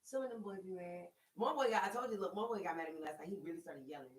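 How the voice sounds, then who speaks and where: A woman in her thirties hosting a casual chat, telling stories in an animated way, with lots of "like" and free swearing. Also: on the low side, rapid-fire. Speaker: host. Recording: roomy sound, mic at a distance.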